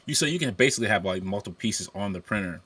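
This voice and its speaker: A man co-hosting a casual podcast, laid-back and lively, reading out viewer comments. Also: on the low side, racing, husky, no room sound. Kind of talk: casual chat.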